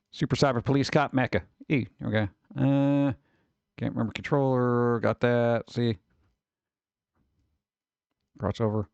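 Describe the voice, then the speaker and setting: A man's voice: medium pitch, gravelly, a little mellow, dry recording, lo-fi sound. A male streamer in casual, rambling chat, reacting wryly to pictures and to his chat, with a slightly scratchy voice at times.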